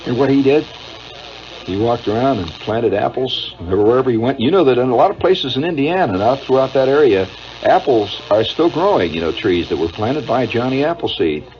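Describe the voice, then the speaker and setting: A Midwestern American radio host in middle age speaks at a moderate pace in a mid-range voice with lively intonation. Chuckling and uh-ing frequently, he rambles through a wry, digressive monologue, preserved as a dull, lo-fi old radio broadcast carrying a faint hiss.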